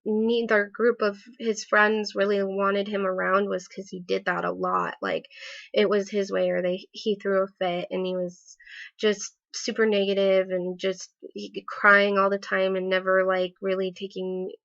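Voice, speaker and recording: A woman's voice: mid-range voice, flat delivery, measured pace, gravelly, fairly bright tone. A woman recounting a personal story in a casual vlog, hesitant, with many fillers and restarts. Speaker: vlogger. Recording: slightly dull lo-fi audio.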